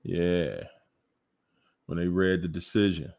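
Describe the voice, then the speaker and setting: Man, livestream host, low voice, slow unhurried talk, chatty. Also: lively intonation. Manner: slow, chatty, exclaims and laughs often. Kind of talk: casual call-in livestream chat.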